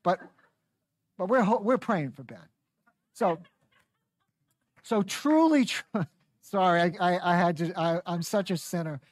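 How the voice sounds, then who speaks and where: A woman's voice: lowish voice, unhurried, long pauses, no room sound. Woman preacher, folksy and emphatic. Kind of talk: sermon.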